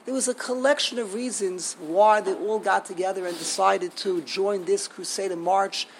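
Gravelly man teaching in halting bursts. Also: high-pitched, fairly even intonation, slight background noise, rough recording. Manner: halting, restarts often, rhetorical questions. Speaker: Torah teacher. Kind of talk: lecture on liturgical poems.

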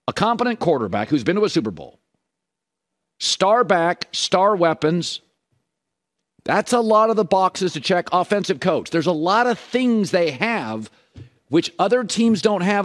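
A man giving emphatic, opinionated football commentary, ticking through points in a list, played as a clip from another show. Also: high voice. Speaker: sports talk host. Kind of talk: sports radio commentary.

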